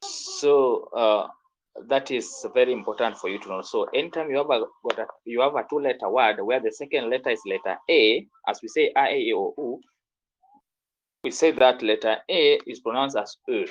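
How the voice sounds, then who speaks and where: A man's voice: mid-range voice, very animated, fairly quick, muffled recording. A man teaching French pronunciation in an online class, repeating words and quizzing his student.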